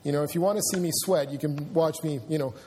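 A man preaching to his congregation in a slightly high voice, earnest and a little halting, often stopping to restart a thought. A faint hum of the room sits under his words. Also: mellow. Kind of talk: sermon. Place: church sanctuary.

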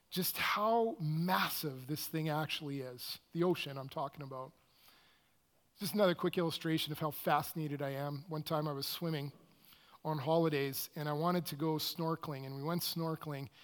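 A man with a somewhat high-pitched voice tells a personal story to listeners. He is an excitable, animated storyteller who speaks with open enthusiasm.

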